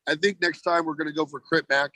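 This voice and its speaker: Joking American man, bright voice. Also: fairly high pitch, fairly even intonation, fast, no room sound, low-quality recording. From United States. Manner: laid-back, joking, swears freely. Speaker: touring band member, podcast guest. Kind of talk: casual chat.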